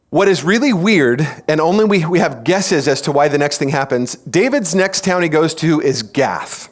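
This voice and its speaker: A man preaching a teaching sermon in a church, telling stories in an animated way, acting out quoted voices and asking the congregation questions. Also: on the high side, moderate pace, few pauses. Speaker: pastor.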